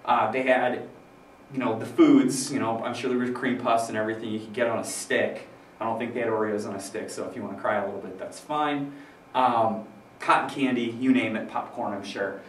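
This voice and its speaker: A man's voice: medium pitch, steady tone, brisk. A man teaching a casual, joking history lesson to his students, full of fillers and asides. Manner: chatty, joking, loose with fillers. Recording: roomy, distant mic with faint background noise.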